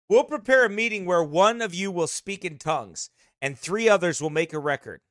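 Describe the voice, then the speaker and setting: High, bright-voiced man reading aloud. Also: moderate pace, no echo, studio quality. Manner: folksy asides between read passages. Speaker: broadcast teacher. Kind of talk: reading a book aloud with remarks.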